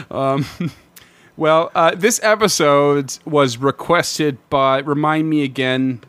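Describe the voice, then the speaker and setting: A man's voice: a little high, slow pace, a bit bright, dry recording. A man co-hosting a casual podcast chat, talking with many fillers and restarts and laughing often. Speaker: podcast co-host.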